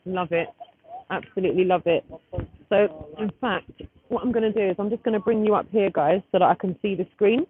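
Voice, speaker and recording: A woman in her thirties livestreams from a street gathering outdoors, chatting casually and rambling, then breaking off to fiddle with her phone. Her mid-range voice is slightly rough and a little fast, and the phone camera gives the audio a tinny sound with faint noise.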